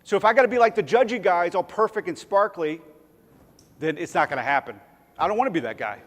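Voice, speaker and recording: A man's voice: sits high, animated, fast, long reverb tail. A man preaching a sermon in a church, conversational and self-deprecating, sometimes acting out little voices. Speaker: pastor. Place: church sanctuary.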